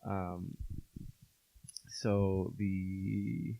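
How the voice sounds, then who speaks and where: Low-voiced young man, profane rambling chat. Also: level tone, extremely slow, vocal fry, dark tone, no echo. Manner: profane, rambling, searches for words. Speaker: podcast co-host. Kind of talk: casual chat. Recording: dull lo-fi dry sound.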